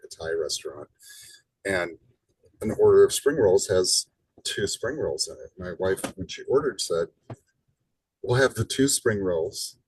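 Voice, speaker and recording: A man's voice: low-pitched, distant mic, low-quality recording. A man teaching a live college class in a casual lecture style, tagging points with "right?" and playing up his emphasis. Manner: casual, rhetorical "right?" tags, animated emphasis. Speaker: college instructor.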